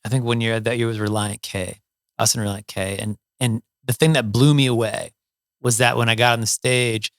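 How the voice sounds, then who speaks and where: A middle-aged musician from Toledo, Ohio, USA, tells stories as a guest in a casual interview, full of fillers and restarts. His medium-pitched voice is steady, a bit bright, clear, and resonant at normal speed, in clean studio sound with no echo.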